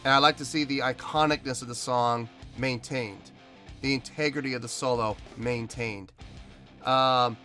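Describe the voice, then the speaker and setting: A man's voice: mid-range voice, bright, forceful tone. A man hosting a music reaction video, talking emphatically and repeating himself as he rants.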